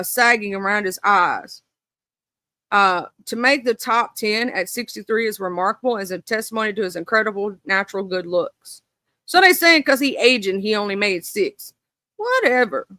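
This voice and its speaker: A woman's voice: fairly high pitch, bright, forceful tone, no room sound, studio quality. A woman streaming live, reading a ranked list aloud and breaking into indignant, swearing asides to her viewers. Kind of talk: casual live-stream chat.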